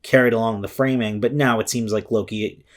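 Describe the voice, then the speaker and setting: A man with a fairly low voice talks through his thoughts in a loose, unscripted vlog. He rambles, restarts his sentences and fills gaps with ums. He swears now and then and sounds openly moved. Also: steady tone, brisk. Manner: rambling and emotional, many fillers and restarts, swears. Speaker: vlogger reviewing a comic chapter. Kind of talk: casual spoken commentary.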